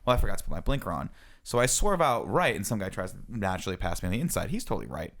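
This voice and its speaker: Lively man telling a story, low voice. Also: rapid-fire. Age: 30s. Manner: animated, self-mocking storyteller. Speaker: podcast co-host. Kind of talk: casual storytelling chat.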